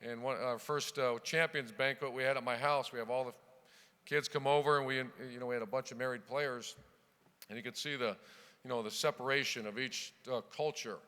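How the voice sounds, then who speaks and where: A middle-aged man from Ohio giving a keynote speech, telling punchy anecdotes from the podium with loud bursts when he starts a new chapter. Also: mid-range voice, steady tone, fairly quick, clear, resonant tone. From Ohio, USA. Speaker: keynote speaker, football coach. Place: large banquet hall. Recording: long reverb of a large hall.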